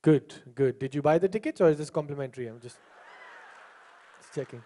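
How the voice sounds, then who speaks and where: High-voiced comic working the crowd. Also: male voice, dark tone. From India. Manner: punchy, teasing the crowd, acts out quick character voices. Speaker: stand-up comedian. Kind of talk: stand-up comedy. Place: comedy show stage before a live audience.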